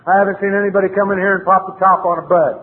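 A middle-aged man tells his story at a recovery meeting, blunt, plain-spoken and colloquial, with a flat delivery at a racing pace. His voice sits high for a man. The audio is thin and tinny, trailing a long reverb from a large hall.

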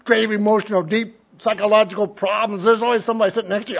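A man's voice: sits high, fairly even intonation, fast, gravelly, few pauses. A man telling a long rambling story from his own life to a group, in a folksy way, acting out other people's voices and laughing as he goes. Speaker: speaker sharing his recovery story. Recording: dull lo-fi recording.

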